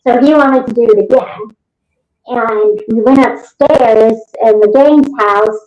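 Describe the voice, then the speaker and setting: A woman telling a story as an interview guest, lively and vivid. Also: fairly high pitch. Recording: roomy, muffled remote recording.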